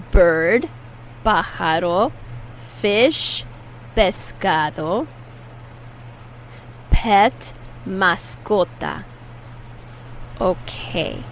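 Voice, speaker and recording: Slow, patient woman teaching Spanish. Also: mid-range voice, a little hiss or hum, poor audio. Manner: patient, repeats words slowly for learners. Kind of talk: slow, clear language lesson.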